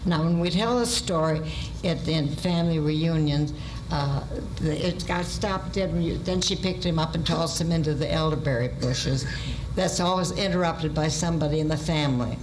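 A woman's voice: low-pitched, normal speed, background noise. Older woman telling family anecdotes. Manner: chatty anecdotal storytelling with dry humor. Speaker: interviewee. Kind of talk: archival interview reminiscence.

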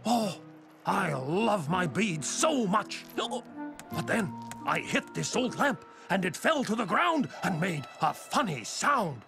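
An actor voicing a gentle male monster who loves making necklaces, talking slowly and sweetly in a children's cartoon. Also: medium pitch, very animated, gravelly, exaggerated voice. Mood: dreamy. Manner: slow, sweet, drawn-out and wondering. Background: music.

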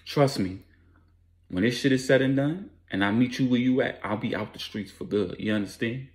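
A man's voice: medium pitch, normal speed, natural voice. A man voicing a commanding male street boss who gives firm, blunt orders. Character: commanding male drug boss protecting his family.

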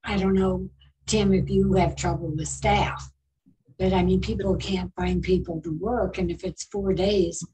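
A woman's voice: on the low side, fairly even intonation, measured pace, mellow, a little hiss or hum, low-quality recording. A woman hosting a casual interview, chatty and asking questions. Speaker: radio show host.

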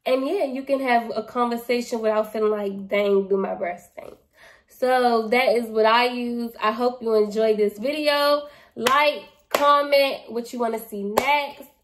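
Chatty, playful young woman vlogger, unhurried. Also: a little high, steady tone. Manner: playful, chatty, slangy, laughs at herself. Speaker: beauty vlogger. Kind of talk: casual product review vlog.

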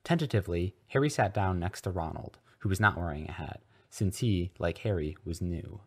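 A man hosting a podcast, reading fanfiction aloud with deadpan narration. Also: low voice, fairly quick. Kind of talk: comedic story reading.

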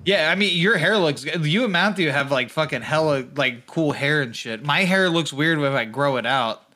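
A man's voice: fairly high pitch, moderate pace, bright, forceful tone. A young man co-hosting a podcast, rambling in profane casual chat and laughing often. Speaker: podcast co-host.

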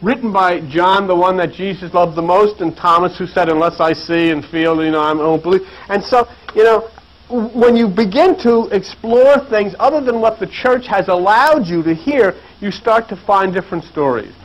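A man's voice: high-pitched, normal speed, muffled recording. A man giving a preachy lecture to an audience, building his points with repeated phrases and rhetorical questions. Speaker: lecturer on religion and mythology.

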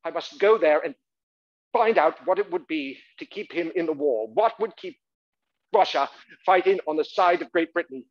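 A man performing as a middle-aged novelist and wartime spy, who tells his perilous journey gravely and with rising worry. The voice sits a little high for a man. The live theatre recording sounds somewhat muffled. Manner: first-person recollection, grave and anxious. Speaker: solo stage performer. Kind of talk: one-man stage monologue.

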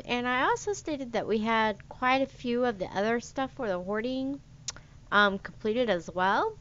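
Woman doing let's play commentary, kinda high smooth voice, lots of ums and uhs, slightly muffled mic. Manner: chatty, rambling with many fillers. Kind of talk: casual gameplay commentary.

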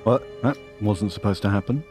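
A man playing a tabletop game in a relaxed, casual way. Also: fairly low pitch, moderate pace, faint music behind. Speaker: player.

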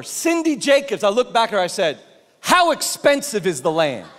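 A high-pitched male pastor delivers an animated sermon in a large church auditorium, telling stories and repeating points for emphasis. The recording carries the long reverb of the big, echoing hall.

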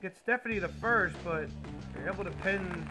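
A man giving mock play-by-play commentary over a baseball video game, with sudden loud bursts of excitement. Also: high-pitched, moderate pace, music in the background.

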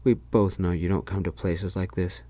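A man's voice: deep voice, fairly even intonation, normal speed, mellow, no room sound. A man voicing a drunk, pushy ex-boyfriend who belittles his ex, in whispered role-play. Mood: belittling. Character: drunk, clingy, insulting male ex-boyfriend.

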